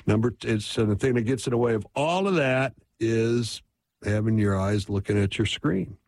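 Low-voiced man giving a casual lesson. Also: moderate pace, a little mellow, no echo. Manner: conversational, constant "right?" check-ins. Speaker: relationship advice teacher. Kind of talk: casual teaching talk.

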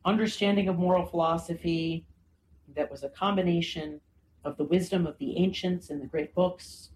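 A woman's voice: lowish voice, fairly even intonation, normal speed, a little mellow, slight background noise, poor audio. A woman explaining history in a conversational lecture style, often checking in with "right?" and "you know.". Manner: frequent "right?" and "you know" fillers, thoughtful.

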